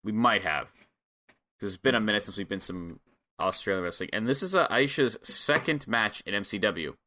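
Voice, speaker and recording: A man's voice: fairly low pitch, lively intonation, normal speed, bright, forceful tone, slight background noise. A man co-hosting a casual wrestling podcast chat, laid-back and dryly humorous as he recaps matches. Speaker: podcast co-host.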